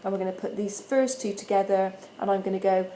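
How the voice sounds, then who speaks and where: A woman, a primary school teacher giving parents a friendly instructional video, patiently sounding out letters slowly and clearly. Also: medium pitch, fairly even intonation, warm tone, slight background noise, rough recording.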